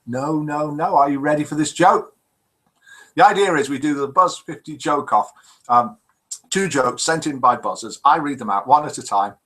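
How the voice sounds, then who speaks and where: A man's voice: a little high, normal speed, fairly bright tone, rough recording. A man over fifty hosting a live online chat show, chatty and teasing as he reads out viewer comments. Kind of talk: casual live-stream chat reading out messages.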